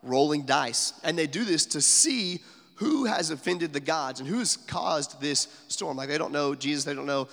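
Gravelly-voiced preacher man in a reverberant hall. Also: fairly high pitch, expressive, normal speed, a bit bright. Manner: conversational preaching with many fillers, drops to near-whisper for emphasis. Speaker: pastor. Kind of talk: sermon.

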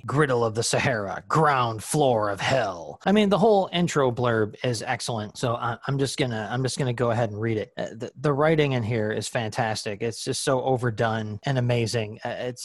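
Man, podcast co-host, rambling, enthusiastic, dry close sound, middle pitch. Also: no room sound. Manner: rambling, enthusiastic, many restarts. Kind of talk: casual comic book discussion.

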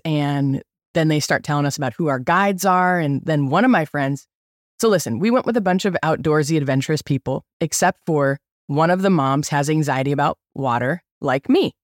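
A middle-aged woman hosting a podcast, telling a story in an animated, chatty way with lots of likes and okays. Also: low-pitched, normal speed, no echo, studio quality. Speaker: podcast host. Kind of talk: casual storytelling.

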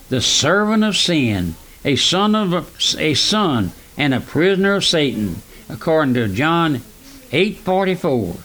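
A man, preaching a fervent radio sermon that swings between raised and hushed lines. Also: a little high. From South Louisiana. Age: 90s.

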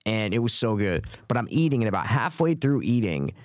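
A man's voice: on the low side, very animated, brisk, no room sound, studio quality. A young man co-hosting a podcast, telling a rambling story in casual chat, swearing often and acting out what people said. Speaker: podcast co-host.

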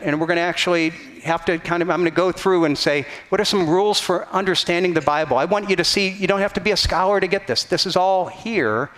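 A man's voice: fairly high pitch, a bit bright. A man pastor preaching a conversational sermon, teaching from a map and reading scripture aloud with frequent restarts.

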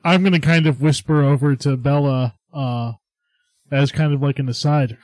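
A man's voice: a little high, fairly even intonation, normal speed, darkish tone, no echo, rough recording. A man playing in a tabletop role-play game, speaking in a casual, offhand way. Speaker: player.

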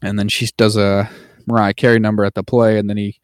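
A man's voice: fairly low pitch, flat delivery, quick pace, clear, resonant tone, no echo, studio quality. A man co-hosting a podcast, casually recapping a movie with lots of fillers and the odd mocking put-on voice. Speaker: podcast co-host. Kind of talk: casual chat.

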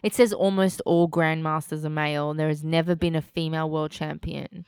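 A woman in casual chat about a show, playful with quick asides. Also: sits low, steady tone, darkish tone, smooth.

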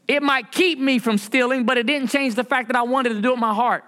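A male pastor preaching a sermon, calling out questions to the congregation and repeating phrases, slowing down and rising in pitch to stress scripture. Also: steady tone, bright, forceful tone. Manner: preaching with call-and-response questions and repetition; slows and rises in pitch for emphasis when reading scripture.

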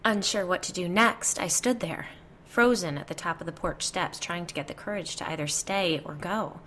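A woman reading a first-person ghost story aloud in a measured storytelling voice. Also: fairly low pitch, a bit bright, slight background noise. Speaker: narrator.

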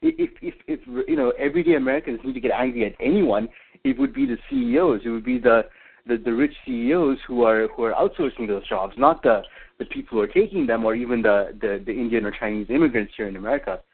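A man's voice: medium pitch, big pitch swings, fast talker, vocal fry, breathy edge. A man calling in to a radio talk show, speaking hesitantly with many fillers and restarts, heard over a tinny phone line. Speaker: caller. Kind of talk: call-in radio chat.

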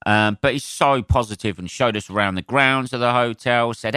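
A man's voice: medium pitch, normal speed, few pauses, bright, forceful tone, clean tone, no echo. A man, a comedian hosting his own podcast, chatting on his own in a rambling, sweary way with lots of ums, close to the mic. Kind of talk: casual solo podcast monologue.

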